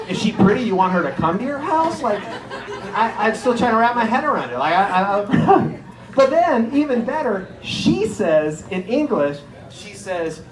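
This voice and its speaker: A man doing an animated stand-up comedy set, telling stories with incredulous acted-out bits. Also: sits high, moderate pace, a crowd in the background. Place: comedy stage before a live audience. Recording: echoey room.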